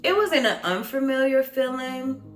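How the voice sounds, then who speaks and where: A woman recounting her own story in an earnest, reflective way, halting often with pauses and fillers. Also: high voice, animated, roomy sound, faint music behind. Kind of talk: personal storytelling.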